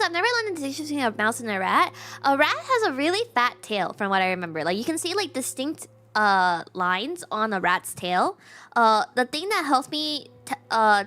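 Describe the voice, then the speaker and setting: A woman's voice: a little high, bright, forceful tone. A woman streaming a game, chatting casually and rambling with fillers and little laughs. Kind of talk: casual live-stream chat.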